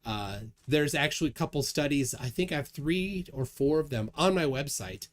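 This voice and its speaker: Animated man hosting a livestream chat. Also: fairly high pitch, normal speed, a little hiss or hum. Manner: lively, chuckling, reads chat aloud. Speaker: livestream host. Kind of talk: casual livestream chat reading viewer comments.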